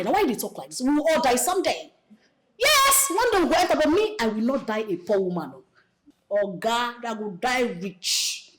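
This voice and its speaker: An actress with a Nigerian accent playing a brash, bossy young woman hustler, speaking loud Pidgin. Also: high voice. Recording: noisy film scene audio.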